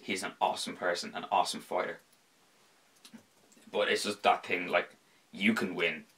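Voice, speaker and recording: Very deep gravelly podcast host. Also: male voice, low-quality recording. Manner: rambling, heavy swearing; animated, slips into impressions. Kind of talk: casual sports chat.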